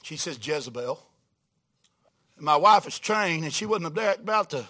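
High, bright-voiced folksy preacher. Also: male voice, normal speed, pauses often. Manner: folksy, animated, swings from hushed quotes to loud exclamations. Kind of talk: storytelling sermon. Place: church before a congregation.

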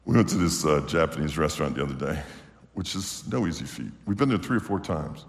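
A male preacher giving a sermon, animated and fervent, swinging from hushed storytelling to exclamations. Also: very deep voice, fast talker, creaky. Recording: long hall reverb.

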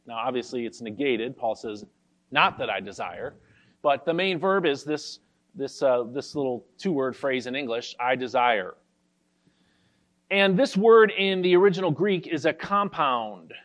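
A man pastor giving an expository sermon, carefully explaining a Bible verse and reading the scripture slowly. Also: medium pitch, expressive, fairly bright tone.

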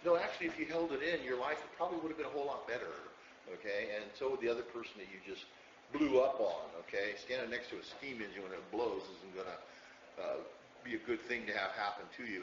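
A man's voice: mid-range voice, a bit bright, distant mic, a little hiss or hum. A man preaching a conversational sermon as a pastor to a small congregation, often checking in with "okay?". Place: church hall, room with congregation. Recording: echoey lo-fi room recording from afar.

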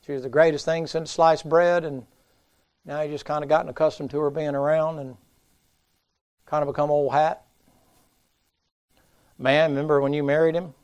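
A man's voice: fairly high pitch, darkish tone, clear, resonant tone. A man preaching a folksy revival sermon, telling Bible stories and acting out the voices. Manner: homespun storytelling, acts out voices in Bible stories. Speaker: guest preacher. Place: church sanctuary.

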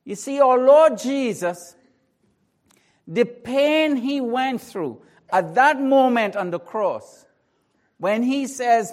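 A pastor preaching a sermon, moving between a hushed, slow prayer and emphatic, rising declarations. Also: male voice, very high voice, expressive.

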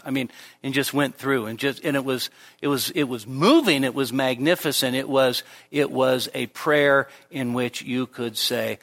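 A man preaching a sermon to a church congregation, rising to emphatic high peaks on key points and dropping into conversational asides and light humor. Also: normal speed, fairly bright tone, big-room sound. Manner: emphatic, climbs sharply in pitch when stressing a point. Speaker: pastor. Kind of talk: expository sermon. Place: church service before a congregation.

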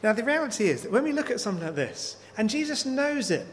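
A man's voice: very high-pitched, big pitch swings, fast talker. A man preaching a sermon, working through scripture with repeated rhetorical questions. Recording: long hall reverb, faint noise.

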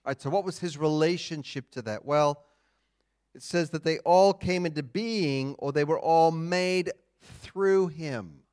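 A man preaching a sermon, teaching in a deliberate, emphatic way with pauses. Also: fairly high pitch, a little mellow, clean tone. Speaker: pastor.

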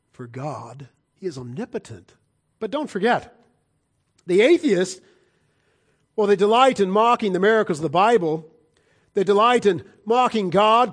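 High-pitched emphatic male preacher. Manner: emphatic, swings between loud declarations and hushed low delivery. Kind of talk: sermon.

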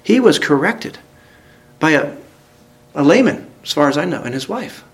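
A man's voice: fairly high pitch, sing-song, normal speed. Earnest preacher man, rising and falling. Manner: earnest, rising to emphatic peaks then dropping quiet; asks the congregation direct questions. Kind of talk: sermon with scripture reading.

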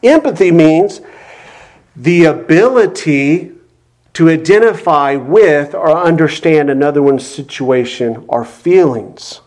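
A male pastor delivers an expository sermon to his congregation. He teaches earnestly and leans on emphatic repetition to drive each point home. His voice sits a little on the higher side for a man. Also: animated, slow, a little mellow.

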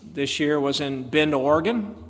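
A man's voice: on the high side, moderate pace. A man preaching a sermon as a pastor, emphatic and fond of rhetorical questions put to his congregation. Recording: long hall reverb.

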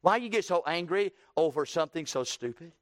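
A man preaching a sermon, building to loud emphatic runs and dropping low, with folksy plain phrasing. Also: animated, a little fast, dry recording, studio quality. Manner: preaching with swelling emphasis and sudden drops.

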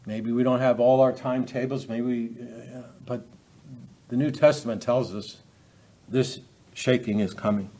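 A man's voice: mid-range voice, fairly even intonation, normal speed, dark tone. Man preaching a sermon, conversational. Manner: unscripted, many restarts, asks the audience rhetorical questions. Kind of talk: expository sermon.

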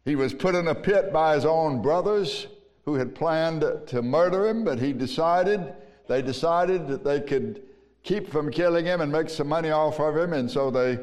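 A man with a Southern US accent preaching a sermon as pastor, slow and emphatic with long pauses. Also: on the high side, a little mellow. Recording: long reverb of a large hall.

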